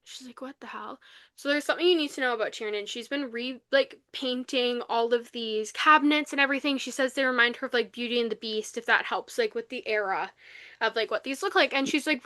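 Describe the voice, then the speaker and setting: A young woman co-hosting a podcast, recapping a novel in casual chat, animated and full of fillers, acting out the lines she quotes. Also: sits high, fairly quick, no room sound. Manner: animated retelling, acts out quotes, many fillers. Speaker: podcast co-host. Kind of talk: casual book review chat.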